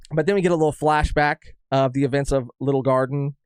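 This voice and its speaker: A young man co-hosting a podcast in casual chat, rambling and halting with frequent restarts. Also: medium pitch, darkish tone, smooth, no room sound, clean studio sound. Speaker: podcast co-host.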